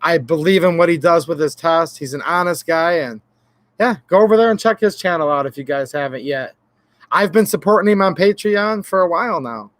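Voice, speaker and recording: A slightly high-voiced man hosts a relaxed livestream, rambling and joking as he greets viewers from chat. The sound is dry and close, with no room echo. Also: fairly quick. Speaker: gun channel livestream host. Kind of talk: casual livestream chat reading chat names.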